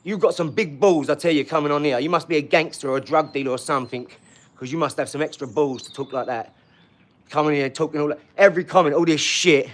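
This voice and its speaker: A man's voice: a little high, fast. Brash, combative man in his forties. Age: 40s. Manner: combative, loud and mocking; swaggering street slang. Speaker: livestream host. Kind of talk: ranting live stream chat. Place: garage.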